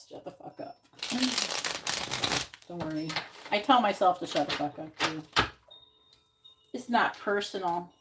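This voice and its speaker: This tarot reader has a low voice with vocal fry, doing a live reading while loud background noise fills the stream. Blunt and freely profane, she keeps repeating her questions as she shuffles.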